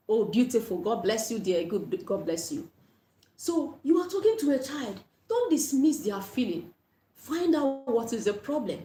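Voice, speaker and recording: Woman parenting coach, livestream teacher, slightly high voice, earnest, echoey room sound. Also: warm tone, a little hiss or hum. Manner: earnest, repeats key points, blesses viewers.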